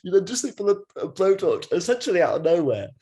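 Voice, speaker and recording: A man's voice: high-pitched, very animated, quick pace, mellow, husky. A man hosting a casual film podcast, rambling and laughing often as he talks. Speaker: podcast host. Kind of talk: casual chat.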